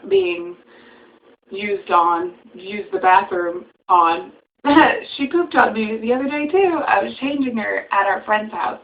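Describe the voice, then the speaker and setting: Giggly young mom vlogging at home, chatty, lots of ums, kinda dull lo-fi sound. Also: female voice, medium pitch, lively intonation, takes it slowly, gravelly. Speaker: vlogger, new mother. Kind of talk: casual chat to camera.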